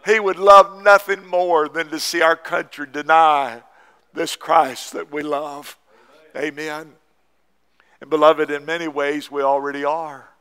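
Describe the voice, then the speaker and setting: A man pastor, preaching a fervent sermon that rises into shouts. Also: on the high side, steady tone, a little slow, smooth. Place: church sanctuary.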